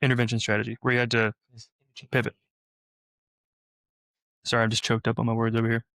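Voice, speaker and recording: Flat-voiced young man asking questions. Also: mid-range voice, brisk, no echo. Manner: agreeable, brief backchannels. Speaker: intern, co-host asking questions. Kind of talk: casual interview questions.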